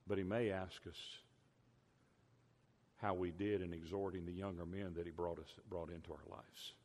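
An older man preaching a sermon as a pastor, emphatic, drawing out key words slowly. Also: low-pitched, fairly even intonation, darkish tone. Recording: long hall reverb.

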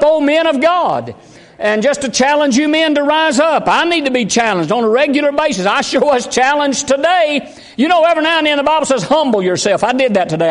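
Pastor, high-pitched man, fervent folksy preaching, reverberant sanctuary. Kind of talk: sermon. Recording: long hall reverb.

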